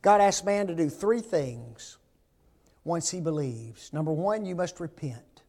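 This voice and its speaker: A man's voice: a little high, lively intonation, measured pace, a little mellow. A man in his sixties preaching a sermon, emphatic and full of rhetorical questions to his congregation.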